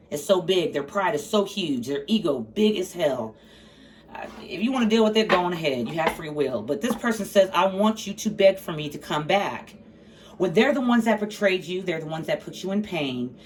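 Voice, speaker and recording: Blunt, profane woman tarot reader. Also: sits low. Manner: blunt, profane, sassy asides. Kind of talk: casual tarot reading to camera. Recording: slightly distant mic, faint background noise.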